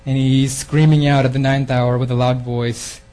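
A man's voice: mid-range voice, little pitch movement, moderate pace, mellow, low-quality recording. A man preaching a sermon in an earnest way, often repeating words and restarting his phrases. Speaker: preacher giving a theme talk.

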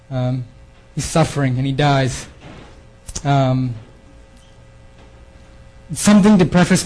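A man's voice: fairly high pitch, darkish tone, low-quality recording. A man preaching a sermon in an earnest way, often repeating words and restarting his phrases. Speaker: preacher giving a theme talk.

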